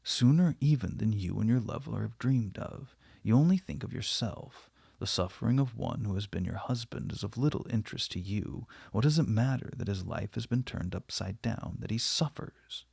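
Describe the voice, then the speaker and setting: A man's voice: lowish voice, expressive, normal speed, creaky, few pauses, a little mellow, breathy edge, no echo, studio quality, heavily acted. A man reading the part of a cold, stern middle-aged husband who speaks severely and with heavy emphasis. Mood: angry. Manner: severe, emphatic, stammering when upset.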